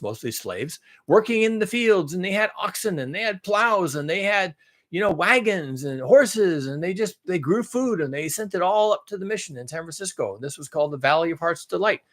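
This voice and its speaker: Rambling man with a higher voice. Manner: rambling, repeats himself, lists things at length; blunt, swears now and then. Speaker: vlogger. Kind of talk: casual rambling monologue.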